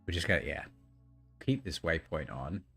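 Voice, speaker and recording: A man's voice: low voice, big pitch swings, normal speed, gravelly, a bit bright, slightly rough, soft background music. A man giving casual gameplay commentary, thinking aloud as he plays, often mumbling and trailing off. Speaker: gameplay streamer.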